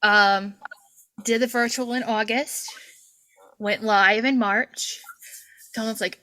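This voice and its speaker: Podcast host, woman in her forties, bright higher voice, animated storyteller who plays out the voices she quotes. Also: slow pace, long pauses, low-quality recording. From Kentucky, USA. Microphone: video call.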